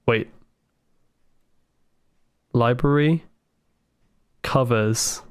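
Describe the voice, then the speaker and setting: A man livestreaming a puzzle game, thinking aloud with excited asides to his chat. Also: medium pitch, extremely slow, smooth, no room sound, clean studio sound. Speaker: game streamer. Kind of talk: live gameplay commentary.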